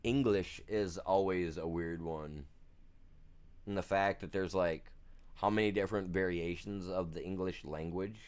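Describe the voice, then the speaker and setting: A man's voice: sits low, steady tone, a little slow, a little mellow. A man from the United States chatting casually on a game live stream, rambling through stories in a self-deprecating way.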